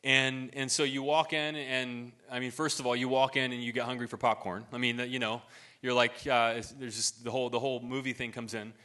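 Earnest pastor with a bright voice. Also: male voice, mid-range voice, little pitch movement. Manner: conversational, earnest, halting with many restarts. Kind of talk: sermon.

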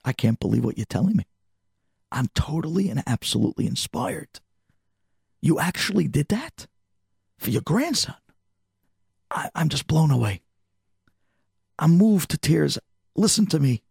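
A man's voice: fairly high pitch, a little slow, gravelly, long pauses, breathy edge, no echo, studio quality, voice pushed up, exaggerated voice. A man doing a moved, generous Hasidic man. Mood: amazed. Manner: emphatic, excited.

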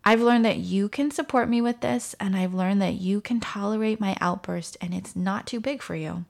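A woman in her thirties hosting a parenting podcast, calmly telling a story and acting out the dialogue. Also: medium pitch, normal speed, creaky. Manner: calm, storytelling with quoted dialogue. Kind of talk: instructive parenting talk.

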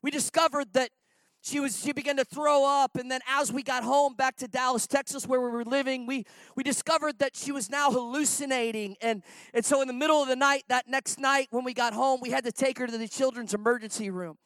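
A middle-aged man preaching a sermon on a stage, telling stories emphatically and swinging between loud outbursts and hushed lines. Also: very high-pitched, fairly even intonation, fairly quick, clear, resonant tone, no echo, low-quality recording. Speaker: traveling preacher.

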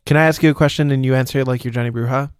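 A man hosting a casual beer podcast in a studio, teasing his guests with deadpan quips. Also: medium pitch, very fast, smooth, no echo. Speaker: podcast host. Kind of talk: casual beer-tasting chat. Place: recording studio.

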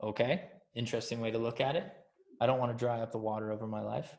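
A man's voice: medium pitch, fairly even intonation, fast talker, vocal fry, a little mellow. A man giving a casual, playful sermon that keeps asking the audience questions. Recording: echoey room.

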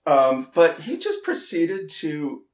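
A man co-hosting a podcast, telling a story in casual chat, halting and repeating words, laughing at himself. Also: on the high side, wildly swooping pitch, roomy sound. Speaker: podcast co-host.

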